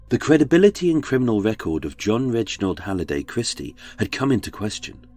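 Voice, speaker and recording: A man's voice: fairly low pitch, a little mellow, no room sound. A man with a British accent, narrating a true-crime podcast in a dramatic, darkly wry storytelling manner. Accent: British English.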